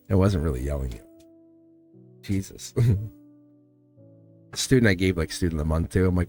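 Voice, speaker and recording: A middle-aged man hosting a live tarot reading, rambling and upbeat, his voice hoarse and cracking. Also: deep voice, very animated, fast, long pauses, darkish tone, soft background music. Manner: rambling, upbeat, repeats himself. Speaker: tarot reader and host.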